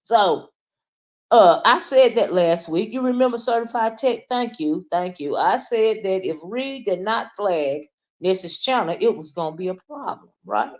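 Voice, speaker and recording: A woman's voice: mid-range voice, lively intonation, unhurried. A woman, chatting casually on a livestream, greeting viewers by name and calling them honey. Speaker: livestream commentator. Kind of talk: casual live-chat commentary.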